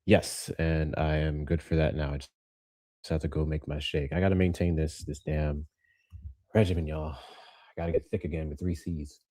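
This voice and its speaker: A man's voice: a bass voice, little pitch movement, moderate pace, warm tone, dry recording. A man co-hosting a livestream show, bantering in a laid-back, slangy way. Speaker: livestream co-host. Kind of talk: casual livestream chat.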